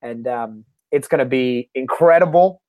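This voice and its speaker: A man's voice: mid-range voice, a little slow, darkish tone, no room sound, clean studio sound. A man co-hosting a sports podcast, talking in an upbeat, fired-up way. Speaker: podcast co-host. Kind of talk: casual sports podcast chat.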